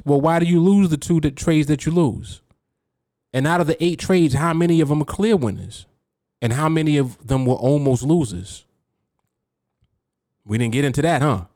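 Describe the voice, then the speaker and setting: On his solo podcast, a trading coach with a New York accent preaches and poses rhetorical questions, repeatedly saying "you see?" The voice is a little high and warm, recorded clean in a studio with no room sound.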